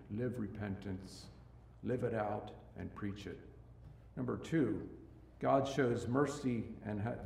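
A man preaching a sermon in a church. He swings between loud, emphatic rises and quiet, low passages, and often restarts and repeats words. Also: gravelly. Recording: echoey room, mic at a distance.

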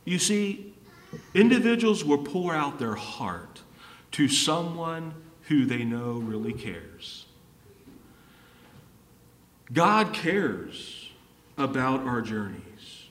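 A pastor preaching a sermon, repeating his key phrases and swinging from emphatic high points down to low, quiet lines. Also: sing-song, drawn-out words, long pauses. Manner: repetitive, rising to emphatic peaks and dropping low. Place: church hall. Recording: echoey hall from far off.

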